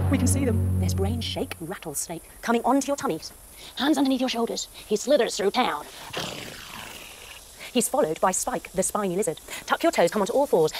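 A woman telling an animated yoga story for children, mixing pose cues with gasps and sound effects. Her voice sits a bit high and swings widely in pitch. A faint hiss runs under it. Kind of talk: kids yoga story narration.

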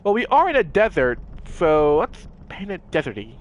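A man doing casual let's-play commentary, excitable and goofy, playfully scolding characters in the game. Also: on the high side, moderate pace, dull audio. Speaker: gameplay commentator.

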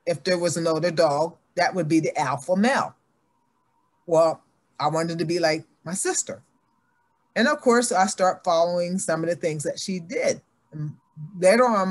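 An older woman, a guest athlete, telling her life story earnestly and acting out her family's voices. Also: fairly low pitch. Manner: animated, acts out family members' voices in her stories.

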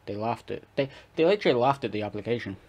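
A man commentating live on his football-management game, chatting to viewers and shouting and swearing at the match as it plays. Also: medium pitch, lively intonation, quick pace, muffled recording, a little hiss or hum. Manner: talks to viewers, chatty and rambling. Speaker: gaming YouTuber.

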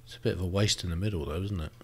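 A man's voice: low voice, racing, fairly bright tone, husky. A man giving casual gameplay commentary, thinking aloud and swearing freely as he plays. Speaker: let's play host.

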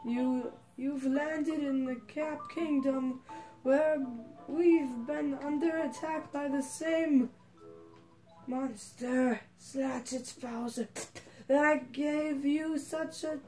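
A woman's voice: sits high, fairly even intonation, very slow, darkish tone, faint music behind, voice pushed up. A woman doing Cappy, a shy, jumpy hat spirit. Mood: timid. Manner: hesitant, stammering, apologetic.

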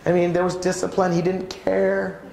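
A man preaches at a church conference, telling stories with lively swings in his voice. His voice sits a little high, with a gravelly edge. The sound is roomy, with a faint hum of background noise. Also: moderate pace. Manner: animated, swings pitch widely while acting out stories. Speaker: conference speaker. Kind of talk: preaching talk with personal stories. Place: church auditorium.

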